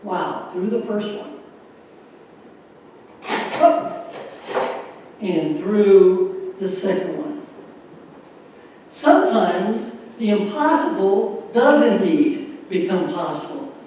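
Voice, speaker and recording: A man's voice: sits high, sing-song, drawn-out words, pauses often, mellow, a little hiss or hum. A man giving an earnest, folksy stage talk with a magic trick, joking with a church audience. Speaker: magician and motivational speaker. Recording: echoey hall from far off.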